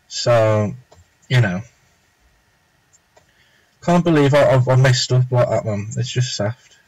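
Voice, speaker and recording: A man's voice: mid-range voice, takes it slowly, a little mellow, no room sound, rough recording. A young man chatting casually and rambling as he draws live on stream, muttering to himself now and then. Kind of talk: casual chat while drawing.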